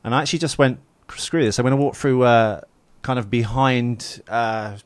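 A man's voice: mid-range voice, normal speed, clean tone, dry recording. A man hosting an interview, asking long, rambling, chatty questions. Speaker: interviewer, podcast host. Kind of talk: casual interview.

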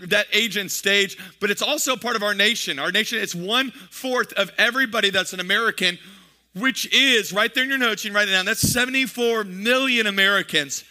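A man's voice: high voice, brisk, pushed and bright. A man in his thirties, a pastor preaching a playful, joking sermon to his congregation, with many repeated words and asides. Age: 30s.

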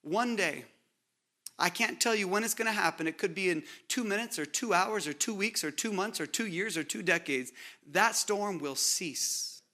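A man preaching a sermon as pastor, with dramatic pauses and repeated rhetorical buildups, dropping to a hush on scripture quotes. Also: sits high.

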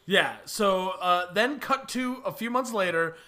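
A man's voice: high voice, a little slow, bright, forceful tone. A man co-hosting a casual movie-discussion chat, recapping scenes with wry jokes.

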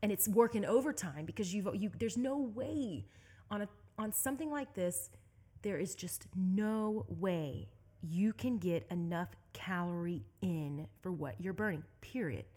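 Lively young woman from Southeast Texas. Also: mid-range voice, unhurried, husky. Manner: animated, laughs often mid-story. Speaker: guest, endurance bike racer. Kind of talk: casual storytelling in an interview.

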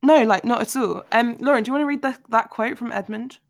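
Woman host, casual book chat, animated, gravelly low voice, dry close sound. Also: quick pace, no room sound. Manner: animated, chatty, with filler words. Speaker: podcast host.

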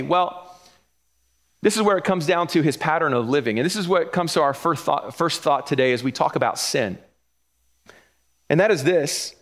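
A man with a high, light voice delivers a sermon in a church. He is animated and conversational, slipping into other voices to act out the people in the stories. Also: moderate pace. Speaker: pastor.

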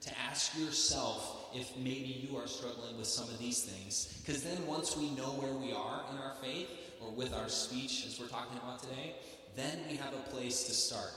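A man's voice: medium pitch, normal speed, bright, forceful tone. A young man with a Southern US accent, a youth pastor preaching a sermon, chatty and joking with the congregation. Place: large church hall. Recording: echoey hall, mic at a distance.

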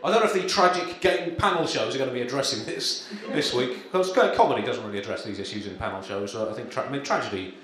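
A man performs a deadpan stand-up routine, pausing and hedging through his jokes. The room rings with heavy echo, and a lively crowd can be heard around him. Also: mid-range voice. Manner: dry, halting delivery with many fillers. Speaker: stand-up comedian. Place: live comedy venue, in front of an audience. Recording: echoey live room with crowd.

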